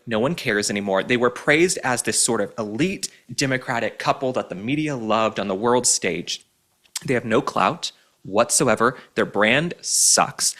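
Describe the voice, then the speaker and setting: A man's voice: medium pitch, a bit bright. Sarcastic ranting male commentator. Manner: sarcastic, emphatic, mocking. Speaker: political commentary host.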